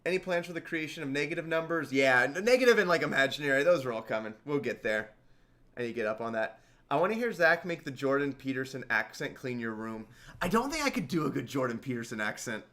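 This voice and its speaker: A man's voice: medium pitch, big pitch swings, fast talker, fairly bright tone. A man hosting a casual livestream chat, talking loosely, laughing and swearing freely. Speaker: livestream host.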